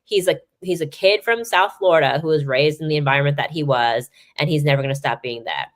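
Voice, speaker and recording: A woman sports reporter chatting as a guest on an interview show, telling stories in an animated way, full of "like" and "you know". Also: deep voice, fast talker. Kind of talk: casual interview chat. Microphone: remote live-stream mic.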